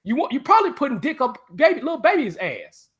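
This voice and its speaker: A man's voice: very high voice, huge pitch swings, quick pace. A man on a casual live stream, ranting profanely and taunting a viewer.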